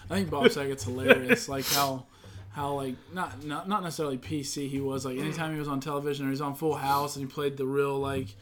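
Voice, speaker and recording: A man's voice: medium pitch, fast, crowd noise. A young man co-hosting a casual podcast, blunt and sarcastic, swearing freely. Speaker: podcast co-host.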